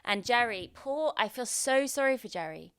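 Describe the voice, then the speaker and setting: A woman co-hosting a casual TV recap podcast, animated and freely swearing as she talks. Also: a little high, moderate pace, smooth, dry recording, studio quality. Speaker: podcast co-host. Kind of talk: casual chat recapping a TV episode.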